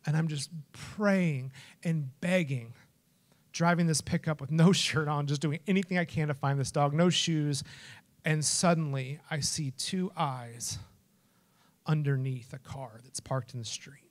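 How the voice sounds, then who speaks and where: A middle-aged man preaching a sermon as a lively storyteller, acting out voices and shouting names. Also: on the high side, a little slow. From Texas. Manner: animated storyteller, acts out quotes and shouts. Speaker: pastor.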